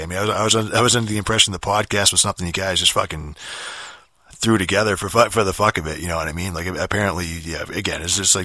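A man with a Boston accent tells a rambling, profane story, stumbling over and repeating his words. His voice is deep with a bright, forceful edge, and it comes through mumbly and a little slurred. The recording is close and dry. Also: fast, no echo.

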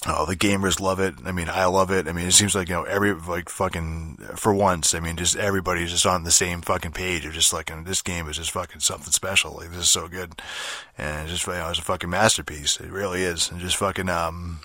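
Deep-voiced man ranting, swearing constantly. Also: flat delivery, fast, hardly any pauses, pushed and bright, dry recording. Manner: profane, rambling, with many fillers and restarts. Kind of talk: casual rant monologue.

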